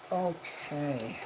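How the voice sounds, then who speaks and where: A woman with a low voice cooks in her home kitchen while hosting a homestead livestream, greeting viewers by name and chatting casually. Background noise is prominent.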